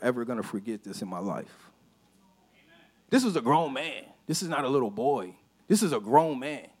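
Telling a personal story from the pulpit of a church sanctuary, a male pastor keeps his sermon relaxed and conversational. For emphasis he frequently lowers his voice to something soft and low.

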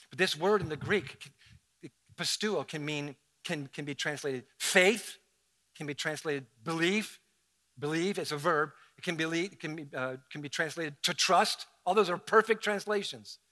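High, bright-voiced preacher. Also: male voice. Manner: animated, conversational, dramatic. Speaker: pastor. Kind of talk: sermon.

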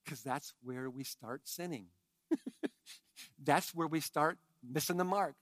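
A high-voiced man delivers a sermon, swinging from quiet, hushed phrases up to emphatic shouts. He throws in chatty asides to the congregation, and his bright tone comes through a close, dry recording. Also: slow pace, dry recording. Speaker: pastor.

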